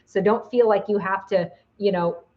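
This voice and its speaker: A woman's voice: mid-range voice, fairly even intonation, normal speed, phone-quality sound. A woman giving a casual video lesson as a psychic teacher, chatty, with many fillers and restarts.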